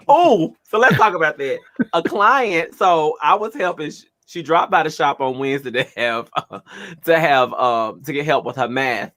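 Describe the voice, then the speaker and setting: An animated, theatrical man tells a story while co-hosting a radio talk show. His voice is bright and swings widely in pitch. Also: unhurried. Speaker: radio co-host. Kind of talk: casual storytelling chat.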